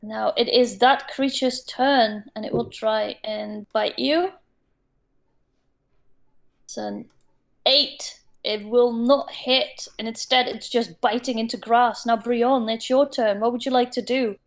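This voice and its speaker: Slow, halting young woman game master. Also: fairly high pitch, steady tone, gravelly, rough recording. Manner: hesitant, many fillers. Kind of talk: running a tabletop game online. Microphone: home mic in an attic.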